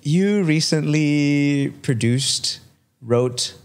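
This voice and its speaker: A man's voice: a little high, drawn-out words, clear, resonant tone. A man hosting a podcast, leading a casual interview with short encouraging replies and questions. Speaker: podcast host.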